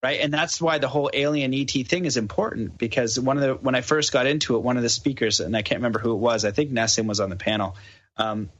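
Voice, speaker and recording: A man's voice: mid-range voice, fast talker. A man from Canada, a podcast guest, casually telling a story and acting out the dialogue. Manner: animated storyteller who acts out the dialogue. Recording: dull lo-fi podcast audio.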